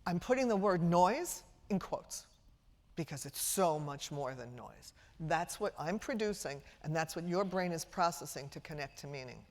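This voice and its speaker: Middle-aged female lecturer, Brooklyn-raised, low voice, theatrical and witty with the crowd, reverberant auditorium. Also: animated, moderate pace. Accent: trained-out Brooklyn New York. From Brooklyn, New York. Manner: theatrical, engages the audience with questions and humor. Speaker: speech-language pathologist giving a lecture. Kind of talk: public lecture to parents. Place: large auditorium before a live audience. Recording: lecture hall with long reverb.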